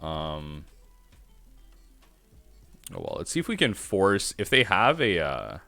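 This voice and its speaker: A man's voice: deep voice, wildly swooping pitch, slow pace, creaky, sharp tone, dry recording, soft background music. A man streaming a card game, thinking aloud in rambling self-talk as he plays. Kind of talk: live-stream gameplay commentary.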